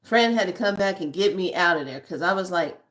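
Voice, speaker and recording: A woman's voice: fairly low pitch, animated, a little fast, a bit bright. A woman in her fifties, chatting candidly to her viewers and telling a story with frequent laughter. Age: 50s. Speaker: spiritual vlogger. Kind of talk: casual chat to viewers.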